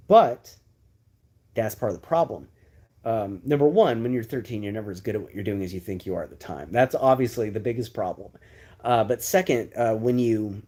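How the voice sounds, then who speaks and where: A man's voice: medium pitch, mellow, slightly rough. A man in his thirties from Texas, host of a livestream, telling a personal story casually with many asides and fillers. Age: 30s.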